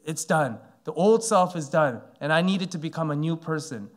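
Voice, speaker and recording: A man's voice: fairly high pitch, lively intonation, moderate pace. A man in his forties from Canada, preaching a sermon as a pastor and telling a story with many fillers. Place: church sanctuary.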